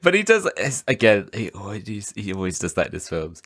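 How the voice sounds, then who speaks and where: A podcast co-host with a very low, sing-song voice talks through a film with a friend in a loose, rambling casual review chat, leaning on "kind of" and "like" as he thinks aloud. He speaks a little fast, his voice a bit bright, and the recording is dry and close with no room around it.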